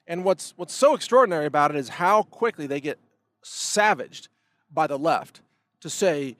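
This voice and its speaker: Impassioned ranting man, fairly high voice. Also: animated, normal speed, no echo. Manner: impassioned, ranting, with sharp emphatic swings; repeats words on restarts. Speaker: commentary show host. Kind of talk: political commentary monologue.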